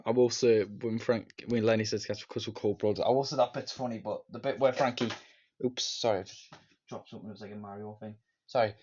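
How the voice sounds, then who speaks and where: A man's voice: fairly low pitch, fairly even intonation, brisk, a little mellow. A man giving a casual, rambling movie review, stringing scenes together with "and then" and now and then putting on silly voices for the characters. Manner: briefly acts out characters' lines with silly voices. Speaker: film reviewer. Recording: slightly dull lo-fi sound.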